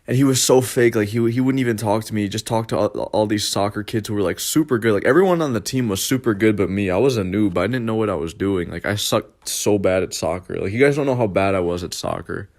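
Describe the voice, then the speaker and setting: A man's voice: on the low side, fast, hardly any pauses, darkish tone. A young man casually telling stories from his childhood as a podcast host, rambling and swearing, with many fillers and restarts. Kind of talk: casual storytelling.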